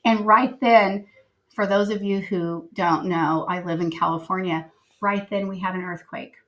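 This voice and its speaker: Telling personal stories as a podcast guest, a middle-aged woman keeps it casual and animated, acting out the dialogue as she goes. Her mid-range voice takes an unhurried pace.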